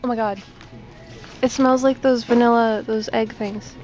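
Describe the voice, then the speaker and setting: A woman's voice: fairly high pitch, steady tone, a little slow. A woman vlogging casually and joking while she walks down a street, recorded on a handheld camera. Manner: chatty and joking. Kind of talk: casual vlog chat. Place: outdoors on a town street, walking. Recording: loud street traffic noise.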